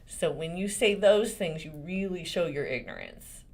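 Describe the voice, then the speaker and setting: Animated woman lawyer in her forties. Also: lowish voice, moderate pace. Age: 40s. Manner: animated and expressive, swinging between serious points and laughter. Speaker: lawyer and channel host. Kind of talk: casual commentary to camera.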